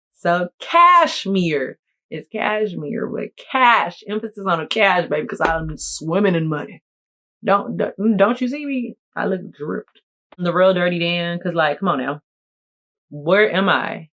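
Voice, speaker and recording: A woman content creator chatting casually to camera in a playful, jokey, animated way. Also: fairly low pitch, measured pace. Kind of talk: casual vlog talk to camera.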